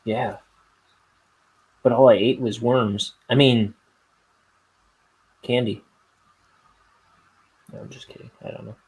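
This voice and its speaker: A man's voice: medium pitch, fairly even intonation, slow pace, long pauses, darkish tone, breathy edge. A man chatting casually and joking dryly while he draws comics. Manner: dry, joking. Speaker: comic artist co-host. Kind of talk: casual chat.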